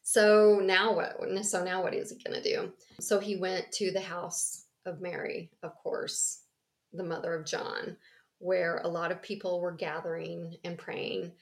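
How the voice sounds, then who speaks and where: A woman's voice: fairly low pitch, a little slow. Woman retelling a story casually. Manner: rambling, animated, laughs often, acts out voices. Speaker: podcast co-host.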